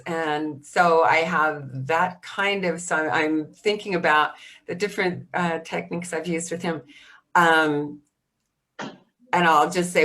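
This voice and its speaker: A woman with a slightly low voice gives a workshop over a video call, speaking as a dementia specialist. She hesitates often, filling pauses with ums and restarting sentences. When she acts out what a caregiver might say, her phrasing turns gentle. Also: steady tone. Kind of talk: workshop answering questions.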